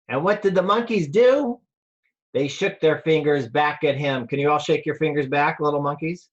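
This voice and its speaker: Over a video call, a rabbi reads a picture book aloud to children, going slowly and playfully and asking them questions. His male voice is fairly high-pitched, and the recording sounds muffled.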